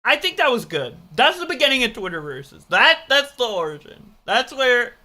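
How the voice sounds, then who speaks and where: A streamer reacting to an old video of their own stream, excitable, swearing and self-mocking. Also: medium pitch, normal speed. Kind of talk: casual reaction commentary.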